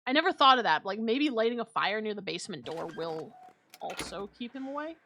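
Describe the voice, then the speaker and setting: Lively joking woman streamer. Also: medium pitch, a little fast, a little hiss or hum. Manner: animated, joking, swears freely. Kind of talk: casual gameplay commentary.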